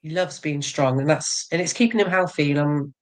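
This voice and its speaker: A woman's voice: deep voice, a little fast. A woman in her forties, a bodybuilder guest in a casual interview, frank and self-mocking, laughing often.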